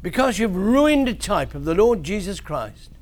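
A man voicing God as a calm, grave male figure in a children's Bible story, speaking slowly and softly. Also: high voice. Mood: stern.

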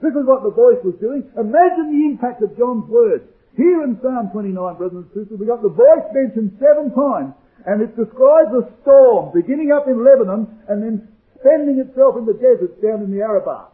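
A man preaching a fervent sermon, swinging from hushed asides to booming declarations. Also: expressive, a little fast. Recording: tinny, phone-like old recording.

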